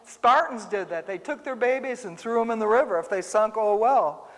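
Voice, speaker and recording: A Bible teacher's slightly high voice moves slowly through a casual sermon, echoing around a church hall. She fills it with personal stories, told animatedly and aimed straight at her listeners.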